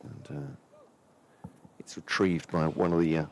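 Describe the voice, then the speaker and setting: A man with a deep, flat, unhurried voice and darkish tone co-commentates on cricket, with slight background noise present. He works methodically through the field, carefully checking positions aloud and calling each ball live.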